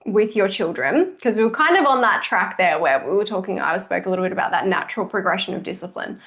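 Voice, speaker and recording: A woman's voice: mid-range voice, fast. A woman hosting a coaching podcast, chatting casually and telling stories expressively. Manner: expressive, animated storyteller. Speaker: podcast host, kids jiu jitsu coach. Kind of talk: casual conversation.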